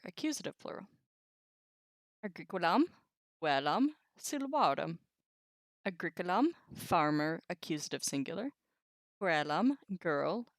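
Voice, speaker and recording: A woman's voice: on the low side, no echo, studio quality. A woman teaching a language lesson on a live stream, chatty, laughing often and reacting to viewers' comments.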